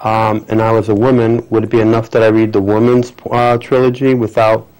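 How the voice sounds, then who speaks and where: A man's voice: lowish voice, flat delivery, fairly quick, a little mellow, rough recording. A man hosting a community television interview, asking long, rambling questions with many halts and restarts. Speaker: interviewer host. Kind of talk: public-access TV interview.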